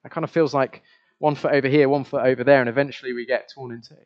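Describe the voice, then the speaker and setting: A man's voice: mid-range voice, steady tone, quick pace. A man preaching a sermon in a conversational way, asking the congregation questions and sometimes repeating his words. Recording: dull lo-fi recording.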